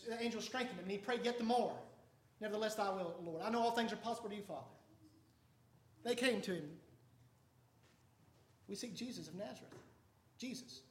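A man preaching a sermon with fervor, swinging from hushed, low passages to loud, soaring ones. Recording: echoey room.

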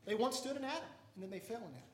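A man preaching a sermon with fervor, swinging from hushed, low passages to loud, soaring ones. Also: sing-song, racing. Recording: echoey room.

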